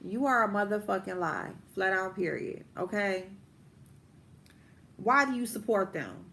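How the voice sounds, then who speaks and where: A woman's voice: medium pitch, unhurried, a bit bright. A woman hosting a casual livestream, ranting bluntly and profanely, stretching out her emphatic lines while she does her makeup. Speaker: vlogger host.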